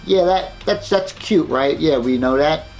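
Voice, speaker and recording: A man hosting a casual unboxing vlog, excited and chatty, rambling about his finds. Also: on the high side, unhurried, soft background music. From New York, United States. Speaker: host.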